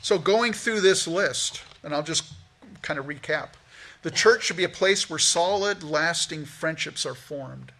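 A male pastor preaching a sermon in a church, talking conversationally with lively asides. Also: fairly high pitch, unhurried. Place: church sanctuary.

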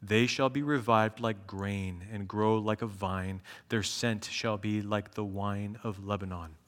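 A man preaching an expository sermon, reading scripture and commenting on it. He talks earnestly, building to emphatic peaks and then dropping low and slow. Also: steady tone, fairly bright tone, big-room sound.

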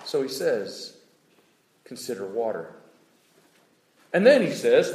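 Animated preacher man, high lively voice. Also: unhurried, long pauses, roomy sound, rough recording. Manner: animated, acts out voices, swings from loud to hushed. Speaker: pastor. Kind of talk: sermon.

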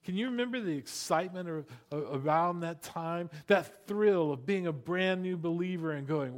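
A middle-aged male pastor preaching a sermon, animated, with playful asides and rhetorical questions to the congregation. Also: fairly high pitch, normal speed, few pauses.

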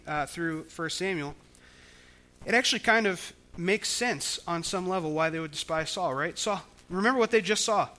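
A man's voice: sits high, bright, forceful tone. A man preaching a sermon, explaining scripture in a conversational way with frequent restarts. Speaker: pastor.

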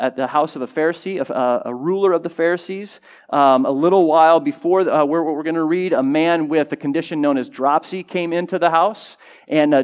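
A man preaching a sermon in a conversational way, with frequent fillers and restarts, lifting his voice to stress key points. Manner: rises in pitch and volume for emphasis. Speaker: pastor.

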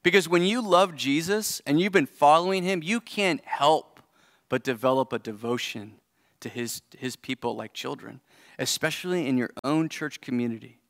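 A man's voice: fairly high pitch, normal speed, a bit bright, no echo, studio quality. A man in his forties preaching a sermon as pastor, earnest and conversational, thinking aloud as he goes. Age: 40s. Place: church service.

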